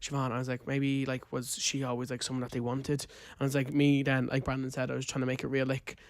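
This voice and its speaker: A young Irish man co-hosting a podcast, telling a story in a loose, animated way with lots of fillers and quoted asides. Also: medium pitch, fast, no echo, clean studio sound. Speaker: podcast co-host. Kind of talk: casual chat.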